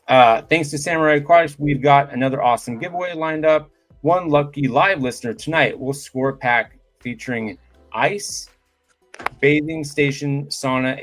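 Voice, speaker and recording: A man's voice: mid-range voice, fairly bright tone. Loose, joking male podcast host. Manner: loose, joking, lots of fillers, swears. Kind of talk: casual live-stream podcast chat.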